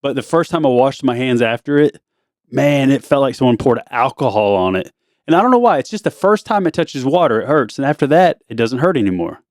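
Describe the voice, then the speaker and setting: A man's voice: mid-range voice, no room sound, studio quality. A middle-aged man hosting a casual family podcast, teasing his daughters in a playful way. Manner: teasing, playful, quotes people in a drawn-out deadpan. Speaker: podcast host, father.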